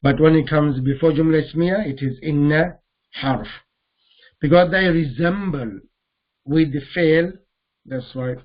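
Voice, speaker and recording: A man teaching Arabic grammar in a classroom lesson, explaining slowly and repeating the words he recites. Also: a little high, highs cut off.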